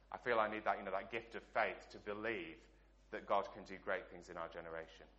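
A middle-aged man from England delivers a sermon with a bright, forward tone. He preaches earnestly, posing one rhetorical question after another, and lets the ends of his phrases fall soft. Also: mid-range voice. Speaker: pastor.

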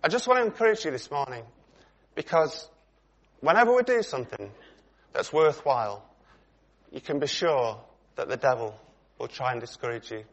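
A man's voice: mid-range voice, lively intonation, normal speed, long pauses, lo-fi sound. A middle-aged man preaching a sermon in a conversational way, putting questions to his congregation.

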